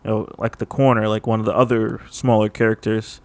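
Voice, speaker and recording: A man's voice: lowish voice, little pitch movement, fairly quick, creaky, dry recording. Rambling casual man, dry sound. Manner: rambling, heavy use of "like", laughs often. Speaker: podcast co-host. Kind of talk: casual chat.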